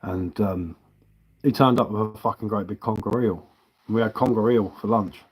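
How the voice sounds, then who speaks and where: A man's voice: on the low side, steady tone, normal speed, slightly rough, low-quality recording. A man from Sussex with a Sussex accent tinged with London, hosting a live stream and chatting casually in a loose, matey, rambling way. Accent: Sussex English mixed with a London tinge. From Sussex, England. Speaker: livestream host.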